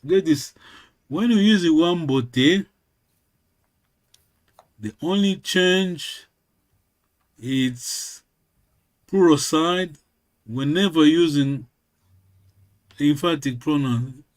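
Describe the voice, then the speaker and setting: A man's voice: fairly high pitch, extremely slow, long pauses. A man who speaks natively, teaching a language lesson. He is patient and repeats words many times.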